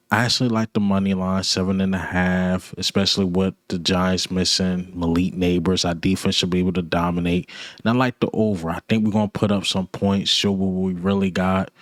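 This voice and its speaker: Fan commentator, male, low and dry, blunt and repetitive ranting. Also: no room sound. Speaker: sports commentator. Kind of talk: ranting sports talk.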